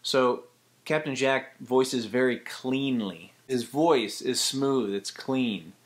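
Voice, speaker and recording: A man casually teaching a voice acting tutorial, chatty and lively, who breaks into short voice demonstrations as he goes. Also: medium pitch, slow.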